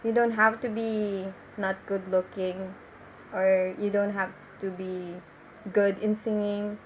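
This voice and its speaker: A young woman in her twenties from the Philippines with a Filipino accent, telling comedic stories to camera in a halting, self-correcting way. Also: mid-range voice, level tone. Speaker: vlogger doing stand-up. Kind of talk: casual comedic monologue to camera. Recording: slightly muffled with faint noise.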